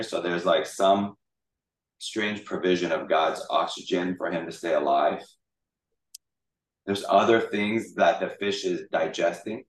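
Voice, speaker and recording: A man with a somewhat low voice leads a Bible study group in a chatty, joking way. He is recorded from across an echoey room. The mic sits well away from him. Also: slow, pauses often, recorded from a distance. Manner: chatty, jokey, animated retelling. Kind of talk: casual Bible teaching.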